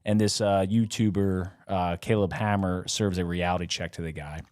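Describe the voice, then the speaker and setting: A man's voice: low voice, fairly even intonation, moderate pace, darkish tone. A young man co-hosting a casual podcast, rambling with many fillers and laughs. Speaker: podcast co-host.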